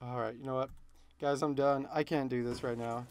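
A young man commentating his game session and getting frustrated, muttering and shouting in exasperation. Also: mid-range voice, expressive, a little fast, heavy background noise. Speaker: gaming video host. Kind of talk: let's play commentary. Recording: loud game music behind.

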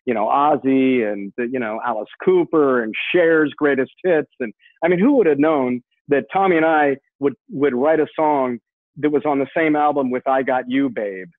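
A man in his sixties, a guest rock musician, telling stories in an excitable way with many repeated words and restarts, heard over a phone line. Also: medium pitch, moderate pace, no echo. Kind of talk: animated storytelling. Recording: tinny phone line, dry.

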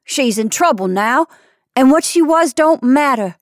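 A woman voicing a brash young Irish woman, a hospital patient, who talks loud and blunt. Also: high voice, animated, a little slow, no room sound, studio quality, voice pushed up. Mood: scolding.

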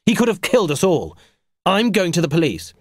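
A blunt, stern middle-aged father voiced by a man reading an audiobook. His lines rise and fall with lively pitch. The recording is dry and close. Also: a little fast, no room sound, exaggerated voice.

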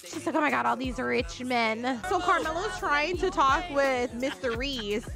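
A woman with a fairly high voice chats through a life-sim game, swearing freely and dropping into her characters' thoughts. Her talk is loose and conversational. Music plays clearly under her voice. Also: a little slow. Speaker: gameplay commentator. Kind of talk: casual let's play commentary.

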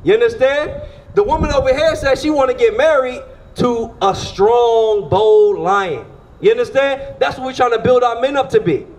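A man's voice: very high voice, moderate pace, a little hiss or hum. A man preaching outdoors on a street, firing rhetorical questions at the crowd and pulling them into call-and-response.

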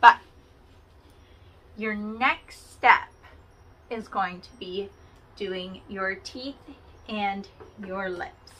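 Slow, bright-voiced woman crafter. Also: medium pitch, slight background noise. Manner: chatty and self-deprecating, talking to the viewer while working. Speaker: craft tutorial host. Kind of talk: casual step-by-step craft tutorial.

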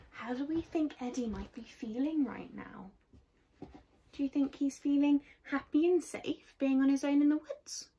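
A woman reading a picture book aloud to children, expressive and asking her young listeners questions, sometimes whispering. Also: high-pitched, unhurried, gravelly, husky.

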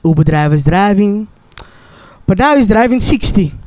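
A South African-accented man appears as a podcast guest, earnestly and somewhat preachily sharing a casual faith testimony and often calling the listener "bro." His animated voice sits high and is a little mellow, at normal speed, recorded on a studio mic with no echo.

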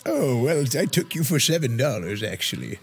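A man role-playing a hesitant, overly formal elderly gentleman in a comedic virtual-world stream. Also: mid-range voice, very animated, moderate pace, gravelly, a little hiss or hum. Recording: music playing behind voice.

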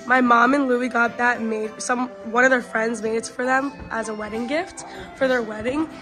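A woman's voice: a little high, fairly even intonation, normal speed, over music. A young woman filming a casual home vlog on her phone, bubbly and gushing as she shows her family gathering. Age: young adult. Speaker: vlogger. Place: busy family home indoors. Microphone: handheld phone camera.

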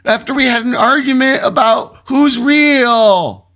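Man doing a squeaky frantic prank caller. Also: measured pace, a bit bright, exaggerated voice. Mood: panicked. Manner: panicked, high and strained.

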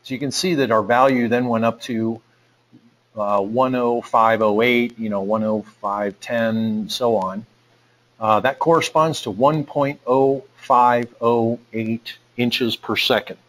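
A man's voice: mid-range voice, fairly even intonation, slow, a bit bright, rough recording. A man presenting a technical webinar, walking through a live demo in a casual way with lots of fillers and restarts. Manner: casual, thinks aloud with many fillers. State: out of breath.

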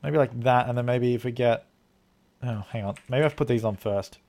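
Man, from Australia, game streamer, live commentary, thinking aloud, mid-range pitch. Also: moderate pace, a little mellow. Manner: rambling, thinking aloud while playing; thanks viewers for donations.

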